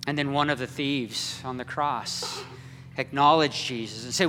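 A man preaching a dramatic sermon as a story, slow and swinging between loud cries and hushed near-whispers. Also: medium pitch, fairly even intonation. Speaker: pastor. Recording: echoey hall with long reverb.

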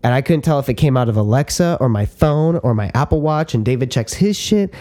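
Excitable swearing male podcast co-host. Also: medium pitch, fairly quick. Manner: excitable, swears a lot, retells stories with quoted voices. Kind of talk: casual chat.

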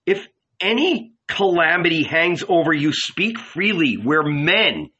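A man's voice: on the high side, sing-song, slow pace, pushed and bright, slightly rough, dull audio, pitched above the performer's own voice, full character voice. A man voicing an impulsive, emotional male disciple who talks in a blustering, emphatic way. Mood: urgent.

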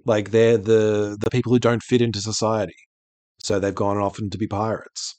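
A man's voice: fairly low pitch, level tone, moderate pace, a little mellow, no room sound. A man co-hosting a podcast in casual chat, talkative, swearing freely and laughing often. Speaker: podcast co-host.

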